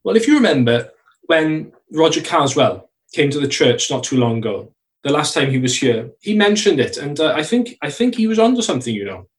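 A man preaching a sermon in a church, earnest, slowing down to stress key phrases. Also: a little high, big pitch swings, far from the mic, low-quality recording.

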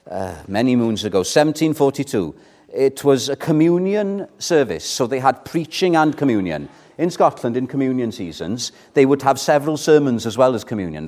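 A man's voice: medium pitch, darkish tone. A man preaching an evening sermon in a church, earnestly putting rhetorical questions to the congregation.

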